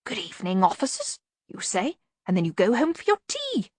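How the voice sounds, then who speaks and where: Woman doing a neat, soft-voiced master thief. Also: mid-range voice, wildly swooping pitch, brisk, slightly rough, no room sound. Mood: calm. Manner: neat, soft, half-whispered. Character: neat, precise older thief, calm and fussy. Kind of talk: audiobook character reading.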